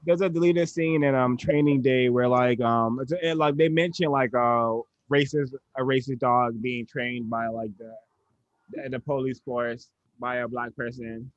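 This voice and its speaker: A man in casual conversation, speaking haltingly with many fillers. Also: medium pitch, steady tone, no echo, dull audio. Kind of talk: casual chat.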